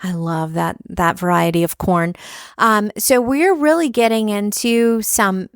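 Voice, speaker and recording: A woman's voice: medium pitch, measured pace, clear, resonant tone, no room sound, clean studio sound. A woman hosting a food podcast, talking in a chatty, enthusiastic and informal way. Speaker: podcast host. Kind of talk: casual podcast interview and solo commentary.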